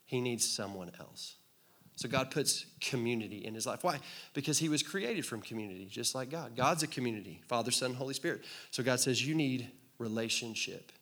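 A man preaching a sermon to a congregation in a relaxed, conversational way, cracking jokes and asking the room to answer back. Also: medium pitch, fairly quick. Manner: conversational, joking, asks the crowd to respond. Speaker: pastor. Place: church hall with congregation.

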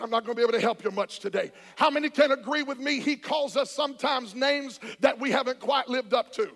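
A man preaching a charismatic sermon, shouting and calling on the congregation to answer back. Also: extremely high pitch, fast, vocal fry, few pauses. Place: church sanctuary. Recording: church hall with long reverb.

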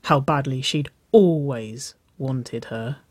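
A reader narrating intimate fiction in a slow, soft, hushed storytelling voice. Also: mid-range voice, husky, no room sound.

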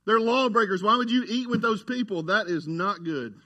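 Male pastor, chatty storytelling sermon, high and bright delivery. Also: normal speed, highs cut off. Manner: folksy, conversational, says "y'all" and "right?" often. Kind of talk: casual sermon.

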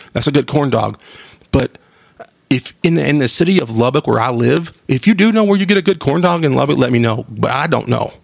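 A man's voice: mid-range voice, gravelly, dry recording. A man, hosting a casual solo monologue, rambling and enthusiastic with casual swearing. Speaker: podcast host.

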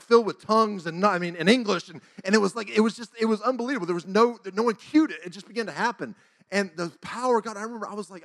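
A man in his forties tells a church testimony in a casual, animated way and acts out the dialogue. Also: sits high. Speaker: church speaker. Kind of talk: testimony storytelling.

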